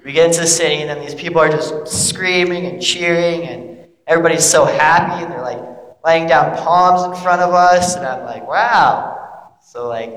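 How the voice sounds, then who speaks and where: A man's voice: medium pitch, fairly bright tone, lightly acted. A young man playing an earnest, bewildered male disciple, telling his story in a rambling, casual way full of "like". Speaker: actor playing a biblical disciple. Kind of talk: monologue, casual modern retelling. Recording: echoey hall with long reverb.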